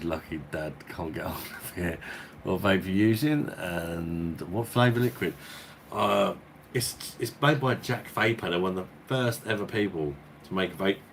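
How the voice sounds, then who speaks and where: Beer-channel host, man, low voice, casual and sweary, rambling chat. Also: a bit bright, slight background noise. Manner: rambling, swearing, chuckling as he talks. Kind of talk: casual storytelling chat and viewer Q&A.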